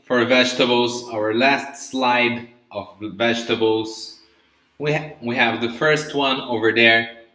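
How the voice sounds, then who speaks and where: Very slow, bright-voiced male English teacher. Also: mid-range voice. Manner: drills pronunciation, checks in with "okay?" and "right?". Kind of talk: live online vocabulary lesson. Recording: roomy echo.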